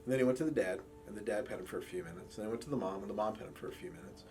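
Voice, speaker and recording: A man's voice: on the low side, racing. A man who works as a campus police officer and handles a support dog, telling stories in a documentary interview and acting out quoted dialogue as he goes. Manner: relaxed storytelling with quoted dialogue.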